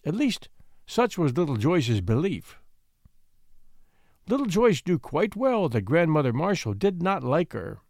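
A man reading a classic storybook aloud with an expressive, sympathetic delivery. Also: fairly high pitch, no echo, clean studio sound.

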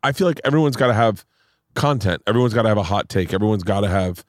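A man's voice: fairly low pitch, animated, fast talker, no echo, clean studio sound. A man hosting a podcast outdoors, rambling and oversharing in casual chat, swearing freely. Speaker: podcast host.

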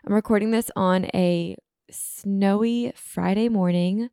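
Woman with a gravelly morning voice, chatty host. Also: medium pitch, steady tone, slow, mellow, dry recording, studio quality. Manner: chatty, rambling, full of "like" and "um". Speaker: podcast host. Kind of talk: casual chat podcast. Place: her apartment.

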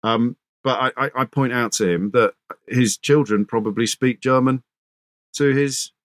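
A male radio presenter talking as a guest. He tells anecdotes fluently in a mid-pitched voice, recorded close and dry. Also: measured pace, no echo. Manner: fluent storyteller, repeats small words. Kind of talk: casual interview chat.

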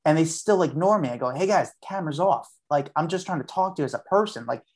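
A man's voice: fairly high pitch, expressive, fast talker, a little mellow, slightly rough. Chatty man telling a story. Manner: chatty, acts out his own past lines. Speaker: podcast guest, street journalist. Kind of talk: casual storytelling.

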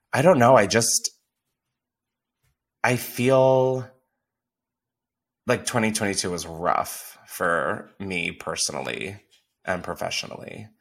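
Young man, podcast host, bright voice, candid, swears freely, casual chat. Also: fairly low pitch. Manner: candid, profane, laughs often.

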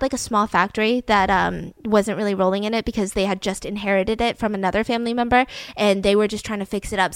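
A young woman casually telling a true crime story as a podcast host, animated and acting out the people in it. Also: mid-range voice, clean tone, no echo. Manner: animated, acts out quoted people with voices.

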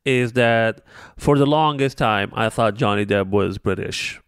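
Man, smooth clear voice, sarcastic and animated casual chat, dry close mic. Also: fairly low pitch, unhurried, no echo.

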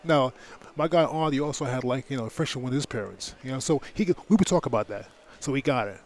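Talking at a quick pace in a mid-range voice, a middle-aged man, formerly a heavyweight boxing champion, opens up on a podcast. His personal story is emphatic and profane, thick with filler words.

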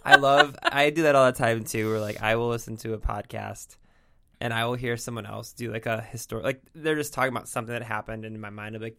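Man, podcast host, gravelly fry in the voice, rambling casual chat. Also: mid-range voice, steady tone, quick pace, bright, forceful tone. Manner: rambling, self-deprecating, laughs often.

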